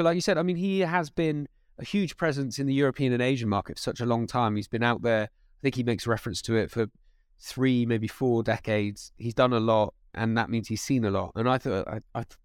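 Lively quick-talking podcast co-host man. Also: mid-range voice, clear, resonant tone, dry recording, studio quality. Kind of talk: casual chat.

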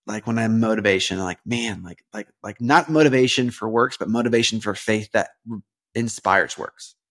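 A young man hosting a casual devotional podcast, talking in a rambling, earnest way with lots of fillers, restarts and sudden animated emphasis. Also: fairly low pitch, normal speed. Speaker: podcast host.

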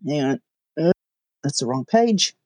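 A man's voice: fairly high pitch, lively intonation, a little slow, darkish tone, no echo. Dry, exasperated tabletop player man. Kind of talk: tabletop play.

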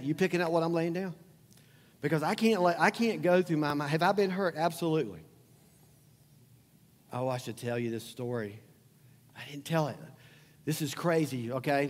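A middle-aged male pastor with a fairly high voice delivers a conversational, joking sermon, often asking his congregation questions. His voice rings with the long reverb of a church hall. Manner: conversational preaching, asks the crowd questions, jokes.

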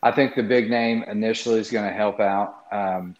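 A man's voice: lowish voice, steady tone, moderate pace. A man giving blunt, skeptical opinions on a college football hire in casual sports talk. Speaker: sports podcast panelist. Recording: echoey muffled room mic.

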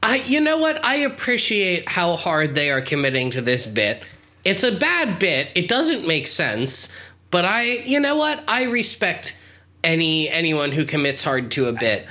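A podcast co-host in casual chat, wry and unhurried, swearing for emphasis. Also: medium pitch, wildly swooping pitch, bright, forceful tone.

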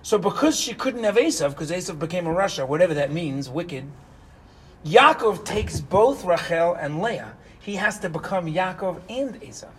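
A middle-aged man teaching Torah as a rabbi, asking rhetorical questions and moving between loud emphasis and hushed asides. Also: sits high, animated, normal speed, breathy edge, rough recording. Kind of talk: animated Torah lecture.

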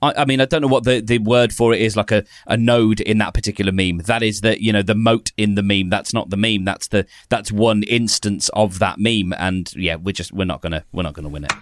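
A man's voice: on the low side, a little fast, few pauses. A man hosting a podcast, mixing casual chat with read-aloud passages, who laughs easily and breaks up mid-read while wearing headphones at a studio mic. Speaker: podcast host.

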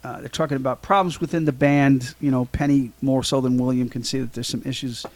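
A man's voice: mid-range voice, steady tone, brisk, no echo. A man co-hosting a podcast, casually recapping a film scene by scene, with lots of ums and restarts. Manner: rambling, many ums and restarts. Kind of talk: casual chat.

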